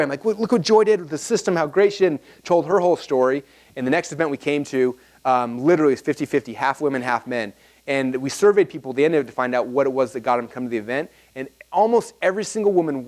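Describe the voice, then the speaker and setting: A man in his thirties giving a live seminar to an audience in a fast, animated, rambling way, full of fillers and restarts. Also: medium pitch. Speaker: marketing seminar speaker.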